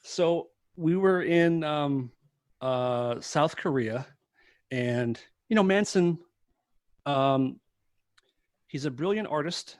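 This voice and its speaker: A man guesting on a podcast, telling a story in casual chat, animated and laughing often. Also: medium pitch, no echo, studio quality. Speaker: podcast guest, former tour crew member.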